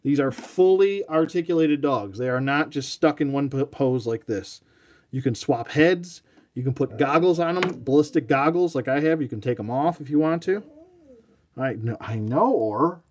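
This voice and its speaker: A toy collector with a mid-range voice at normal speed hosts a live toy showcase. He chats casually, rambling and poking fun at himself, and talks to his dog.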